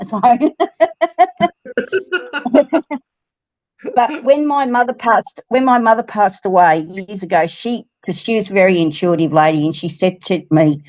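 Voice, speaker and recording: A woman's voice: mid-range voice, measured pace, poor audio. An older woman with an Australian accent, getting over a flu, chatting as a guest on a video call and telling her story with laughs in between. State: recovering from flu.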